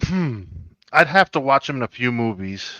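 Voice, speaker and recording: Livestream co-host, man, dry mock-serious joker, bright tone, muffled dry sound. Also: mid-range voice, big pitch swings, moderate pace, no room sound. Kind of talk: joking casual livestream chat. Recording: dull lo-fi mic.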